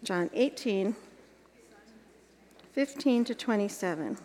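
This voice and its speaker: A woman's voice: medium pitch, lively intonation, takes it slowly, a little mellow, big-room sound. A woman leading an evening workshop on teaching the Bible, guiding the group and checking with questions as she goes.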